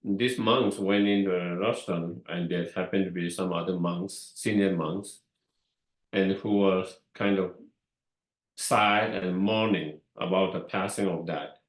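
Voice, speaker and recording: Slow, halting man giving a dharma talk. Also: low voice, steady tone. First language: Tibetan. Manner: slow and halting, with frequent fillers and repetitions. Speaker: Buddhist teacher. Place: meditation hall. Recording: echoey room.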